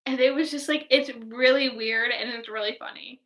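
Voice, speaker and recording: A young woman vlogger chatting casually about a movie, gushing and excitable, filling her talk with "like". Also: fairly high pitch, normal speed. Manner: gushing, heavy use of "like", excitable fangirl tone. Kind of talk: casual movie review chat.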